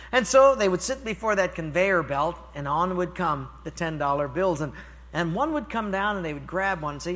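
Animated older man preaching. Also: high-pitched, moderate pace, in a large hall. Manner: animated storytelling, swings from loud to hushed. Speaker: pastor. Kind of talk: sermon with acted-out stories.

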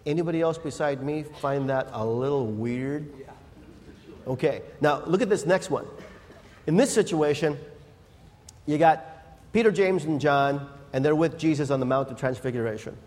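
A man preaching a sermon, telling Bible stories in a lively, conversational way and acting out the people in them. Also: a little high. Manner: animated storyteller acting out Bible scenes. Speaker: pastor. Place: church. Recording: reverberant church hall.

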